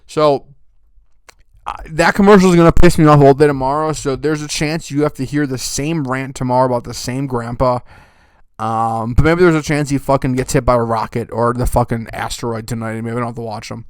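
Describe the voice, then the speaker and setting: Brief: young male golf podcast host, profane ranter, smooth clear voice, dry close sound. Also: medium pitch, steady tone, a little fast, dry recording. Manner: swears constantly, rants loudly, then winds down. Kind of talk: profane ranting recap.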